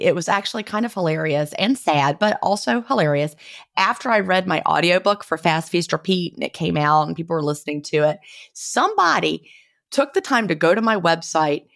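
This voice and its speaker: A woman's voice: fairly low pitch, expressive, brisk, gravelly, a bit bright, no echo, clean studio sound. A woman in her fifties with a Southern US accent, chatting as an interview guest and laughing often at herself. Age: 50s. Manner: laughs often, self-deprecating. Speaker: guest author. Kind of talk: casual interview chat.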